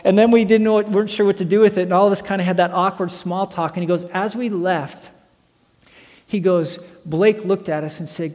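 A pastor in his late thirties delivers a sermon, telling stories with animation and swinging from loud to hushed. His voice sits high and steady, and he speaks fairly quickly. A long hall reverb surrounds the recording.

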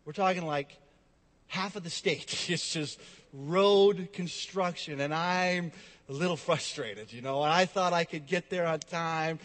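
A male pastor preaching a sermon, telling a personal story and swinging between loud emphasis and quiet, drawn-out asides. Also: on the high side, big-room sound.

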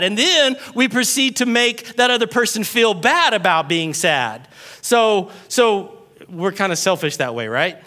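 A middle-aged man preaching a sermon as a pastor, animated and joking, acting out quoted voices. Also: extremely high pitch, a little slow.

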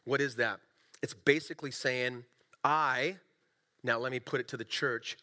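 A middle-aged man preaching a sermon as a pastor, in a conversational, animated and self-deprecating way. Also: medium pitch, measured pace.

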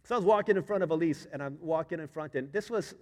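A man preaching a sermon, telling a family story that swings from hushed asides to loud, emphatic moments. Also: a little high, quick pace. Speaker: pastor. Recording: long reverb of a large hall.

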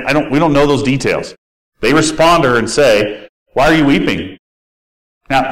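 A man's voice: fairly high pitch, low-quality recording. A male pastor giving a sermon in a conversational, candid style with personal asides.

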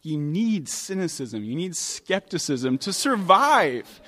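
A man preaching a sermon, from New York, telling stories in a relaxed, conversational way with pauses and restarts. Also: on the high side. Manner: conversational storytelling with hesitations. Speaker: pastor.

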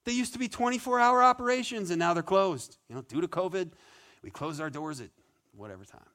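Animated male pastor preaching. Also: sits high, fairly quick. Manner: conversational and animated, with playful asides. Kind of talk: sermon.

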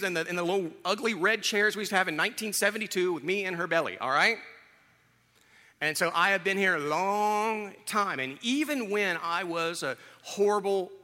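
A pastor in his fifties gives a candid, conversational, self-deprecating sermon in a church sanctuary. His voice is high, pushed, and bright, carrying a big-room sound.

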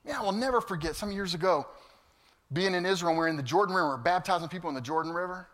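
Bright preacher guy, goes loud then real quiet, big church echo. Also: sits high, very fast. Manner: animated, storytelling, swings from loud to hushed. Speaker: pastor. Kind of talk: sermon. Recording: long hall reverb.

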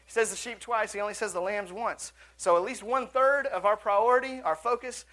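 A man's voice: sits high, fairly quick, bright, forceful tone. A male pastor preaching a sermon in a church auditorium, earnest and conversational, with asides and restarts.

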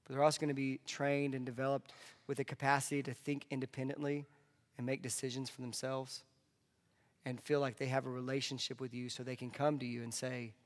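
Guy preaching to a room, chatty, goes quiet on asides, big echoey hall. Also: medium pitch, little pitch movement, fairly quick. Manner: conversational, drops to soft asides. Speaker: pastor. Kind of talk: sermon. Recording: long hall reverb.

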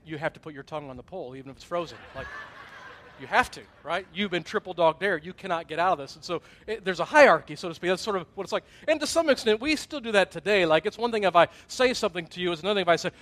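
Pastor, middle-aged man, high voice, chatty sermon delivery with acted-out asides. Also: lively intonation, fast, a bit bright. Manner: conversational preaching, acted-out asides and gasps.

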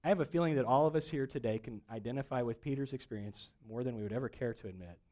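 Male pastor, mid-pitched, storytelling sermon with acted dialogue, dynamic delivery. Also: fast, mellow. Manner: storytelling preacher, acts out dialogue, rising and falling intensity.

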